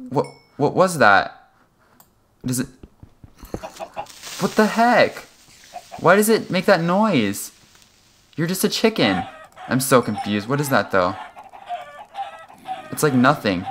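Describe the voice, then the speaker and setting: A young man giving casual, rambling commentary over a game he is playing, excitable and self-mocking, with sudden high yelps when startled. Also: slow, pauses often, a little hiss or hum. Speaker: gaming channel host.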